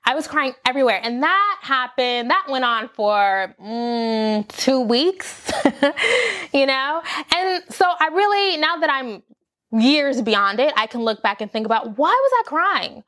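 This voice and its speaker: A woman's voice: high voice, measured pace. A young adult woman candidly telling a personal story to camera, acting out her own past lines. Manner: candid, animated, acts out her own quotes. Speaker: vlogger.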